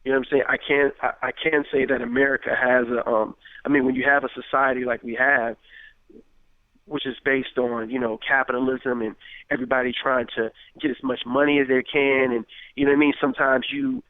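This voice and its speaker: A man's voice: medium pitch, a little fast, no room sound. A man in his thirties, a rapper, talking casually in an interview with lots of fillers, acting out quoted conversations. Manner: animated, acts out quoted dialogue, many fillers. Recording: tinny phone-like radio sound.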